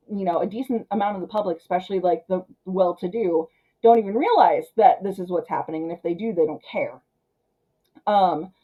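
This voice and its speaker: A woman reviewing a film in a chatty, animated way, full of fillers like "um" and "like.". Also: medium pitch, low-quality recording.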